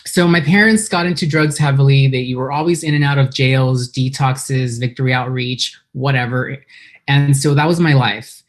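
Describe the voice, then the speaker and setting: Speaking at a normal speed in an extremely low-pitched voice, this woman tells her personal recovery story at a meeting, earnest and emotional though a bit nervous. She is from San Diego, California, and talks into her computer during an online video meeting.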